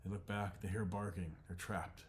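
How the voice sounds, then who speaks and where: A man narrating an animated storyboard pitch in terse present tense, shot by shot, dropping into voices. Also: normal speed, slight background noise. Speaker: storyboard artist.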